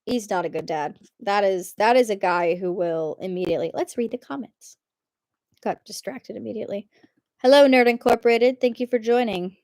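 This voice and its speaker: A woman's voice: medium pitch, darkish tone, no echo, clean studio sound. Giggly woman reading posts on stream. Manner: chatty, giggly, breaks off to comment. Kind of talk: casual live-stream reading.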